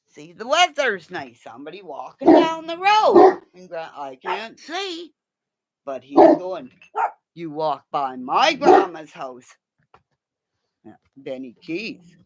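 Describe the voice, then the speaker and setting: Woman vlogger, slow, gravelly, profane rambling chat with her pets. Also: high voice, wildly swooping pitch, noisy background.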